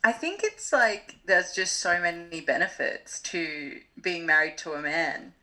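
A young woman co-hosting a podcast, chatting in a relaxed way and thinking aloud with lots of "like". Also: fairly low pitch, a little slow, rough recording. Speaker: podcast co-host. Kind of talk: casual chat about reality TV.

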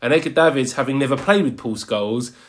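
A man in casual conversation, searching for his words with many false starts. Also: mid-range voice. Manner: halting, searches for words, then bursts into excitement. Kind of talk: casual chat.

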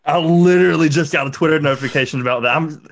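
A man as a podcast guest, loud and laughing, poking fun at himself in casual chat. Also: fairly high pitch, quick pace. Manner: loud, laughing, self-mocking.

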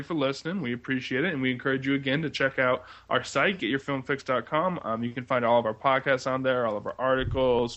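A man's voice: medium pitch, fairly bright tone. A man co-hosting a casual film podcast, talking at length with frequent hesitations and fillers. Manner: rambling, many "uh" and "um" fillers. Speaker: podcast co-host.

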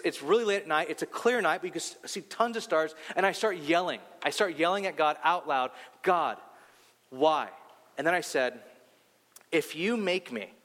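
A young adult man preaching a sermon, firing off rhetorical questions and telling a personal story, his voice climbing high as he grows heated. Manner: animated storytelling, rhetorical questions, pitch rising when heated. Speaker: pastor. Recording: long hall reverb.

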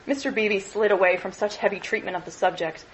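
A woman lecturer reading a novel aloud in an expressive, measured way. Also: medium pitch, slight background noise, poor audio.

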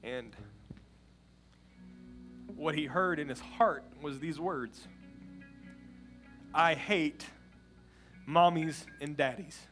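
Animated preaching man over soft guitar. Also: a little high. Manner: animated preaching that builds to loud, fast passages. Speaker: pastor. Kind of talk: sermon storytelling.

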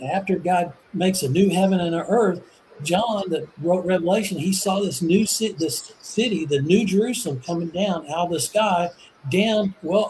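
A man with a high voice talks through scripture in easy conversation. He is earnest and eager and often trips over and repeats his words. Faint background noise sits under the voice. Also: a little mellow, poor audio. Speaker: Bible teacher. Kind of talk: casual religious discussion.

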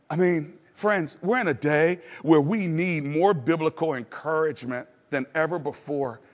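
Animated storytelling preacher, a man. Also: long reverb tail. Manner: storytelling preacher, asks the crowd questions; swings from low and quiet to high and emphatic. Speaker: pastor. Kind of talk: sermon with personal stories.

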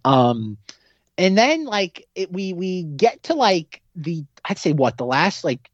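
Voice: medium pitch, very animated, slow, no room sound. Podcast co-host, rambling recap full of "like", dry, dull lo-fi sound. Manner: rambling, heavy use of "like", restarts. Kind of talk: casual movie recap.

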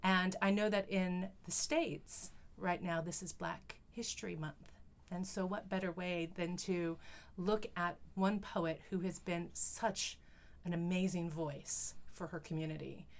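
A woman's voice: lowish voice, vocal fry. A woman with an Australian accent, hosting a poetry podcast and speaking thoughtfully and enthusiastically. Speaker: podcast host. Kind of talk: casual conversation about poetry.

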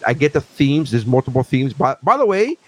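A man's voice: medium pitch, a little fast, a little hiss or hum. Man in his forties, profane and ranting. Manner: profane, animated ranting with mocking asides. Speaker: podcast host. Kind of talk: casual chat.

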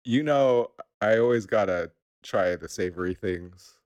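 A man's voice: fairly low pitch, unhurried, darkish tone, highs cut off. A man co-hosting a podcast, chatting casually and laughing often. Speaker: podcast co-host.

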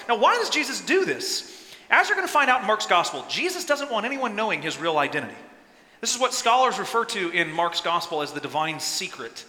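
Animated pastor in an echoey hall. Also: male voice, sits high, brisk. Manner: animated, acts out quotes with sudden loud bursts. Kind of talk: sermon. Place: church sanctuary.

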